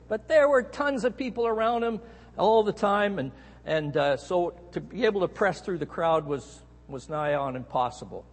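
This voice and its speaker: Husky preacher telling a story. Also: male voice, fairly high pitch. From Canada. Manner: storytelling, animated emphasis on key words. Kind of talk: sermon. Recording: echoey hall.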